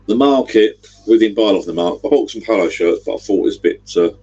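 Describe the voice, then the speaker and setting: A man's voice: on the low side, fast talker, dark tone, breathy edge, dull audio. A middle-aged man, rambling chattily on a livestream. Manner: rambling, chatty, gives directions. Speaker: livestream host. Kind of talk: casual livestream chat.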